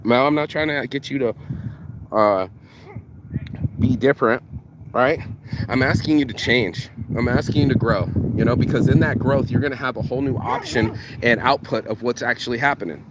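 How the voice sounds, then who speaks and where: A motivational vlogger with a mid-range voice gives a casual, slangy, profane monologue at a moderate pace. When he gets going he stumbles over repeated words, and there is heavy background noise.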